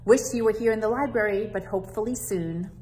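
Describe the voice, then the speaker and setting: A woman working as a children's librarian, reading a storybook aloud to kids in a warm, friendly, expressive way. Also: medium pitch, brisk, a little hiss or hum.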